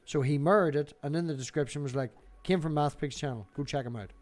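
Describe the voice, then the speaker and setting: A man's voice: on the high side, quick pace, a little mellow. A Northern Irish man hosting a casual group call, teasing and swearing as he jokes with friends. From Northern Ireland. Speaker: streamer hosting a hangout.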